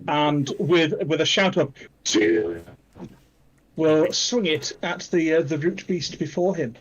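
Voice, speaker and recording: Husky man describing his character's moves. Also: a little high, fairly even intonation, muffled recording. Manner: dry, measured, describes his actions in the third person. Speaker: player. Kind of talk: playing a tabletop game.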